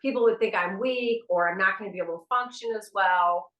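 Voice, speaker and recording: A woman's voice: medium pitch, fairly quick, fairly bright tone, lo-fi sound. A middle-aged woman co-hosting a casual spiritual podcast chat, candid and frank, swearing freely. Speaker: podcast co-host. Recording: echoey room.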